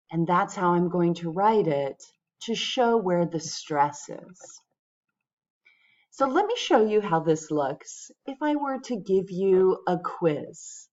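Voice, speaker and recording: A woman teaching English pronunciation, speaking patiently and clearly to her viewers. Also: mid-range voice, darkish tone, muffled recording. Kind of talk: pronunciation lesson.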